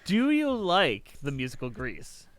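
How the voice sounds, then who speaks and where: A man's voice: fairly high pitch, huge pitch swings, dry recording. A young man hosting a podcast in casual chat, playful and jokey. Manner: playful, jokey, quick bursts of put-on voices. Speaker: podcast host.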